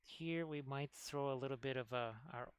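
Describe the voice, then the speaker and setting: A man's voice: mid-range voice, moderate pace, slight background noise. A man hosting a casual miniature painting stream, rambling as he works and chatting with viewers. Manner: rambling, talks while working, chats with viewers. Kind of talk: casual painting tutorial chat.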